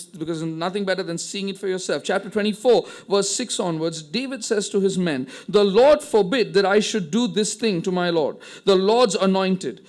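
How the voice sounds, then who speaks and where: A man preaching a sermon, retelling a scripture story with dramatic quoted dialogue. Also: high-pitched. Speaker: pastor.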